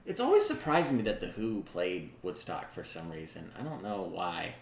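A man's voice: low-pitched, sing-song, normal speed, echoey room, slight background noise. A young man co-hosting a casual podcast chat, thinking aloud with lots of fillers. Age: young adult. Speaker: podcast co-host.

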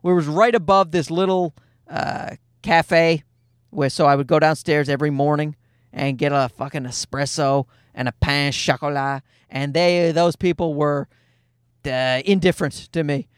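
A man's voice: fairly high pitch, steady tone, normal speed, clear, resonant tone, no room sound, studio quality. A man in his thirties telling a casual comic story in a sarcastic, profane rant.

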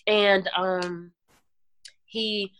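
A woman guest giving an earnest personal testimony in an interview, talking in halting runs with restarts and fillers. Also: medium pitch, little pitch movement, fairly bright tone, clear, resonant tone, no room sound. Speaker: podcast guest.

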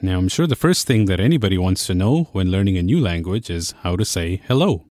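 A young man hosting a language course, explaining in a clear, measured teacher's manner. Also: low-pitched, animated, a little mellow, dry recording, clean studio sound. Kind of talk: scripted lesson narration.

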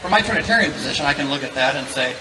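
A man with a Southern US accent gives a debate statement, conversational and self-deprecating. His voice sits in a middle pitch. He is recorded from a distance in an echoing room with clear background noise. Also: lively intonation, racing. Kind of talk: formal debate opening statement.

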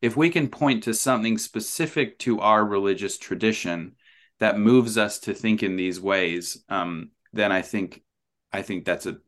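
A man as a podcast guest, explaining his ideas thoughtfully with many pauses, ums and restarts. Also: lowish voice, fairly bright tone. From New Zealand. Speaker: author and guest. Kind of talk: conversational podcast interview.

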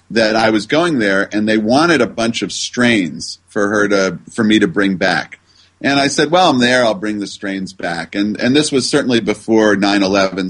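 A man's voice: on the low side, fairly bright tone, rough recording. An older man, a guest researcher, telling a funny anecdote in a podcast interview with many fillers and restarts.

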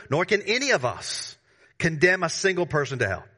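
A man preaching a sermon to his congregation, emphatic, with sudden rises in pitch and volume and casual slangy asides. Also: very animated, a little fast, pushed and bright, husky. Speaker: pastor.

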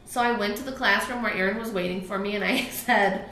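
A woman co-hosting a casual talk show, an animated storyteller who laughs often while she talks. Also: medium pitch, a little fast, reverberant. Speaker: podcast co-host, parent. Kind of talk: casual chat.

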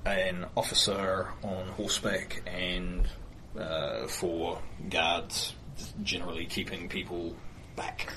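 Deep-voiced man running a tabletop game. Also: little pitch movement, noisy background. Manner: halting, many ums and uhs. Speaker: game master.

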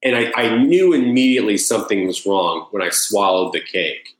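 A man's voice: on the low side, lively intonation, moderate pace, reverberant, rough recording. A man telling a personal story at length. He rambles, repeats words and acts out his own past thoughts. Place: Los Angeles.

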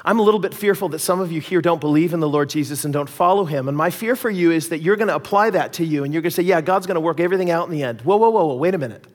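Animated man preaching in a reverberant church. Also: fairly high pitch, very fast, hardly any pauses. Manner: animated storytelling, acts out quoted voices. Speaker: pastor. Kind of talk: sermon with personal story.

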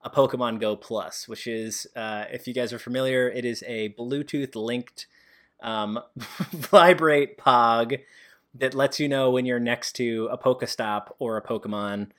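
A man's voice: medium pitch, steady tone, unhurried, fairly bright tone. Joking man, podcast co-host. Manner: laughs often, joking and self-deprecating. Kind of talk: casual chat.

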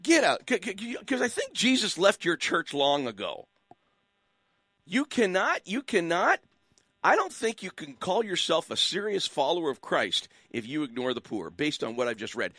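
A man's voice: on the high side, sharp tone, no room sound. A man hosting a call-in radio show, preaching with fire and hammering his listeners with rhetorical questions. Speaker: radio talk show host. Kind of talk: impassioned call-in radio commentary.

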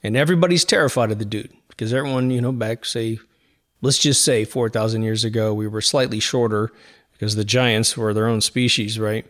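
A man's voice: fairly low pitch, steady tone, fairly quick, a bit bright. Male podcast host, middle-aged, casual rambling talk with lots of asides. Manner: rambling, conversational, frequent asides. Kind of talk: casual monologue.

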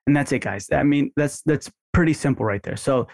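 A man teaching a coaching lesson, talking energetically and acting out sample phone calls in bright put-on voices. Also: medium pitch, fairly quick, gravelly, no room sound, clean studio sound. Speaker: marketing instructor. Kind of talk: coaching lesson with screen walkthrough.

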